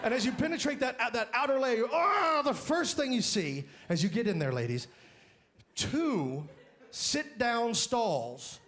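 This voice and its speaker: Loud high-pitched stand-up comedian man. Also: very animated, measured pace. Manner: loud, exaggerated, often shouting punchlines. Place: live comedy stage with audience. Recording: live stage mic, crowd laughter and noise. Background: audience laughing.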